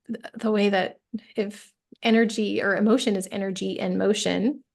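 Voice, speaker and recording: Reflective woman coach, gravelly voice. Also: mid-range voice, steady tone, moderate pace. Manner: reflective, emphatic, peppers with "right?". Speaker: healing coach guest. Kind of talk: casual interview chat.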